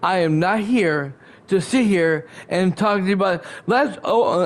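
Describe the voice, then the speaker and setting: A man with a fairly high voice rants to his live-stream audience from his chair at home. He talks into a headset, circling back over the same points with restarts and plenty of profanity. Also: measured pace. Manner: rambling and repetitive, frequent restarts, profane. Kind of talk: casual live-stream rant.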